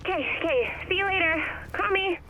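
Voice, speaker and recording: A lively slang-heavy gossip on the phone. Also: female voice, very high-pitched, fairly quick, a little hiss or hum, exaggerated voice, low-quality recording. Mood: gushing.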